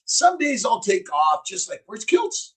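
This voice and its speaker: A man's voice: sits high, huge pitch swings, unhurried, breathy edge, poor audio. A man, a doctor, hosting a rambling, upbeat morning live stream, chatting casually and greeting viewers by name. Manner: rambling, upbeat, shouted bursts of encouragement.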